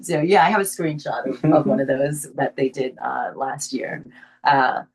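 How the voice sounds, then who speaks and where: An older actress from the Bronx with a faint New York accent, telling stories in a casual interview and laughing often. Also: female voice, rumbling low, normal speed, vocal fry, slightly rough. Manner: animated storyteller, laughs often. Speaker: actress guest.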